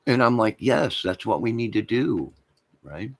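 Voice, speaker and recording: A man's voice: fairly low pitch, lively intonation, a little slow. A man hosting a livestream, rambling crudely and talking to his chat viewers. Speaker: livestream host.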